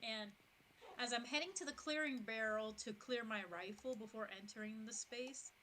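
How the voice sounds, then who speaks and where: A woman in her thirties chatting on a game stream, telling stories in an animated way and acting out what people said. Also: fairly high pitch, normal speed, slight background noise, poor audio. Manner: animated, chatty, acts out quotes. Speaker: streamer, military veteran. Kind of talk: casual storytelling on a game stream.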